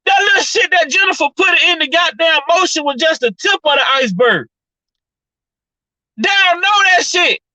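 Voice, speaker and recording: A woman's voice: extremely high pitch, animated, moderate pace, bright, forceful tone, no echo, poor audio. A woman vlogger delivering a heated, profane opinion rant, repeating her points with fired-up energy. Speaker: commentary vlogger.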